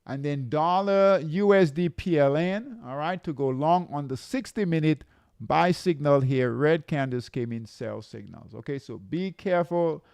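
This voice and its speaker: Slow gravelly man coaching traders. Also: fairly high pitch, darkish tone, no room sound. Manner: repetitive, checks in with "okay?" and "right?". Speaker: trading coach. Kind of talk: live chart walkthrough.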